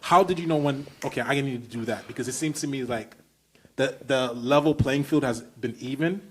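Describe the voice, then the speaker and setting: In a medium-pitched voice with a breathy edge and a moderate pace, a Brooklyn-accented man hosts a casual podcast. He stresses his words with enthusiasm and strings together long, run-on questions.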